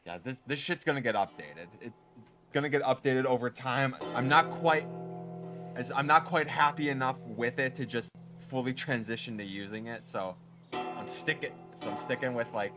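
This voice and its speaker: A man's voice: medium pitch, moderate pace. A man streaming, chatting casually and rambling with lots of filler words. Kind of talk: casual gaming stream chat. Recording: game music under the voice. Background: music.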